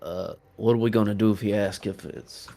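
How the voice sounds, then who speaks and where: A man's voice: lowish voice, steady tone, a little fast, creaky, warm tone. A man chatting casually as a player in a tabletop role-playing game, easygoing and planning moves.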